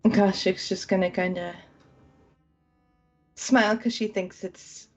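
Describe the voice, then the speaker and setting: A woman's voice: medium pitch, steady tone, takes it slowly. A woman narrating her character in a tabletop game, hesitant and often laughing. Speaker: tabletop role-player. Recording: dull lo-fi recording with faint music.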